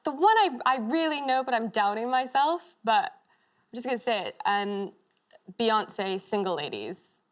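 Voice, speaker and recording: A woman's voice: fairly high pitch, animated, unhurried. A woman with an American accent who grew up mostly in Scotland, chatting as a quiz contestant, giggly and self-deprecating. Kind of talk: casual chat. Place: TV studio.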